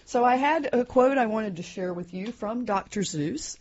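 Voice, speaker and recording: A middle-aged woman hosting a community radio interview, encouraging her guest with short affirmations and gentle follow-ups. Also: on the high side, expressive, moderate pace. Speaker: host. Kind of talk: casual radio interview chat. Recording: dull lo-fi radio recording.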